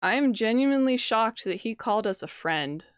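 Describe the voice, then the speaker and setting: A woman's voice: on the high side, expressive, normal speed, clean tone, no room sound, clean studio sound. A woman doing casual gameplay commentary, wryly reading game text aloud. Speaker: game streamer.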